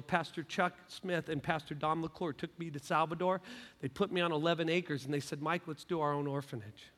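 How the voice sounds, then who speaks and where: A middle-aged man preaching a sermon to a live audience in a big sanctuary, emphatic, swinging from hushed to shouting. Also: fairly high pitch. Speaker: pastor. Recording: long reverb of a large hall.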